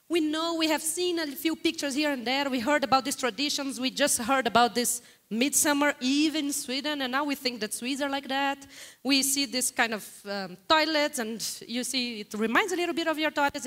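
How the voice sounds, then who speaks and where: A woman from Brazil with a Brazilian Portuguese accent, giving a lively guest lecture in a hall and putting frequent questions to the audience. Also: high voice, normal speed. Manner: animated, questions the audience often.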